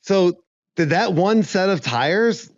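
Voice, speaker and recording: A man's voice: high-pitched, lively intonation, slow pace, no room sound, highs cut off. A man co-hosting a casual mountain bike podcast, enthusiastic and reflective, sometimes stumbling over his words. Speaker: podcast co-host. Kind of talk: casual chat.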